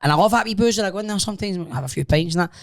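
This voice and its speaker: A man's voice: high-pitched, rapid-fire, creaky. A Scottish man co-hosting a podcast, telling stories in casual banter, acting out voices and laughing often. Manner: animated storyteller, acts out voices, laughs a lot. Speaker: podcast co-host.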